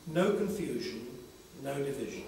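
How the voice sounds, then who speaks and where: An older man giving a slow, reflective spiritual talk at a conference panel, pausing often between phrases. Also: mid-range voice, animated, mellow, a little hiss or hum. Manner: slow, reflective, with long pauses. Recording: echoey hall from far off.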